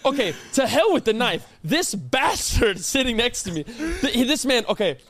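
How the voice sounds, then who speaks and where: High-voiced young man teasing his friend. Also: moderate pace. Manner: teasing, laughs often, animated storytelling. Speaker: podcast co-host. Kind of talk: casual chat.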